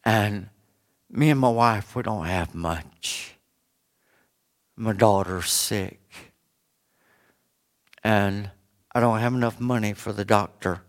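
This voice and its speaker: A man voicing a weary, desperate poor pastor who pleads quietly in a low voice. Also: slow pace, long pauses. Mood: pleading. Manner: pleading, subdued.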